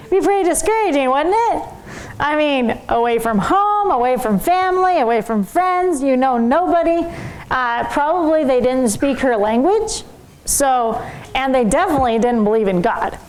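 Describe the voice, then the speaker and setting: Animated, high-voiced woman telling a Bible story. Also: unhurried, a little hiss or hum, poor audio. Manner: animated, conversational, asks the audience questions. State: tired. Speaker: teacher.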